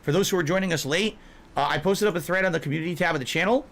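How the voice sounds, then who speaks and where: A man's voice: on the high side, rapid-fire, a bit bright. A middle-aged man hosting a casual reaction stream, who tells stories, laughs often and reads out viewer messages. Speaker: streamer host.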